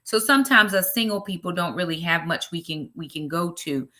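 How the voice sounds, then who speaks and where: Lively Southern-accented woman livestreaming. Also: on the low side, fairly quick. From Brooklyn, New York. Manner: chatty, greets viewers by name, lively asides. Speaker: ministry livestream host. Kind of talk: casual livestream chat with viewers.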